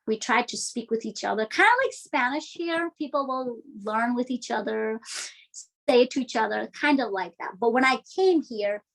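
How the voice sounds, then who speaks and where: Chatty higher-voiced woman from Nepal. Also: gravelly, low-quality recording. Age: 30s. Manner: chatty, laughs often, acts out quotes. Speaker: interview guest. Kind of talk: casual conversational storytelling.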